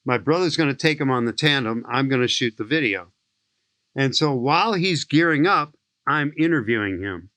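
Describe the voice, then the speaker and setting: A man in his sixties from St. Louis, a skydiving instructor telling lively, enthusiastic stories as a podcast guest. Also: medium pitch, normal speed, no echo. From St. Louis, USA. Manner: enthusiastic, lively anecdotal storyteller. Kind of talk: animated storytelling in an interview.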